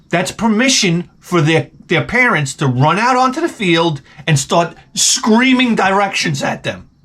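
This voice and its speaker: Animated profane man telling a story. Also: a little high. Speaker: vlogger. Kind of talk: comedic storytelling rant.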